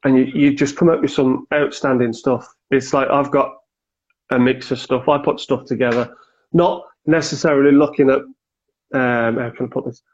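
A man, chatting casually on a podcast about keeping and breeding reptiles, animated and quick to act out little exchanges. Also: medium pitch. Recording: dull lo-fi sound.

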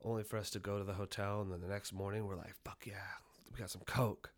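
A man's voice: on the low side, fast talker. A young man co-hosting a podcast, telling a rowdy story with lots of swearing and acted-out quotes. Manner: profane, animated retelling, acting out quotes. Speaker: podcast co-host. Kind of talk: casual storytelling.

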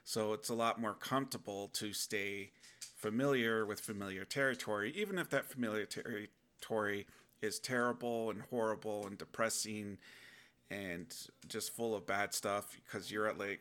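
A man's voice: on the low side, normal speed, a bit bright. A man talking earnestly in a casual, rambling advice monologue, with restarts and playful acted asides.

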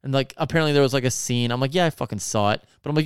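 A man's voice: medium pitch, very fast, smooth, no room sound, studio quality. A man in casual chat, telling stories in a profane, sarcastic rant. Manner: profane, ranting, sarcastic storytelling.

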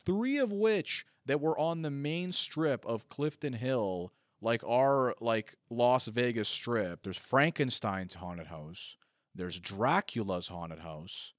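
A man's voice: mid-range voice, lively intonation, slow, dry recording, clean studio sound. A man in his thirties telling a rambling comedic story, full of "like" and self-mocking asides. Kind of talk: casual comedic storytelling monologue.

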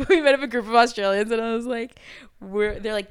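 Young american woman chatting casually, smooth voice, keeps laughing through her stories. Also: on the high side, moderate pace. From United States. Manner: laughs often, animated storytelling. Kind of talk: casual chat.

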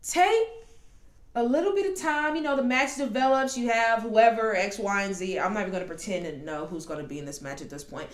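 A woman hosting a casual podcast, talking animatedly and quickly with plenty of asides. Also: fairly high pitch. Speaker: podcast host. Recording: roomy echo.

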